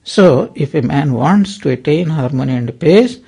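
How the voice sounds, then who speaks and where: A man's voice: fairly high pitch, expressive, normal speed, vocal fry, mellow, breathy edge. A man giving a sermon as a spiritual teacher, earnest and storytelling, with many rhetorical questions.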